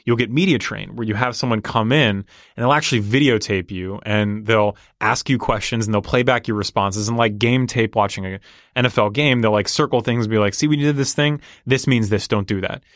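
A man's voice: lowish voice, fairly even intonation, a little fast, a bit bright, no echo, clean studio sound. A man talking confidently and explaining with examples in a casual conversation. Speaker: negotiation guest.

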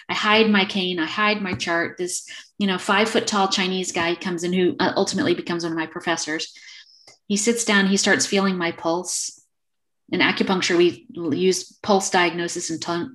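A woman in her fifties, an acupuncturist, is a guest on a video call in a casual storytelling interview. Her voice is lowish and a bit bright as she tells a story, acting out the quoted exchanges.

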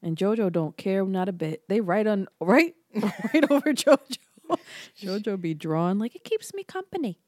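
A young adult woman with a mid-range voice co-hosts a podcast, unhurried as she tells stories in relaxed chat. She animatedly acts out the quotes, in clean studio sound with no room sound.

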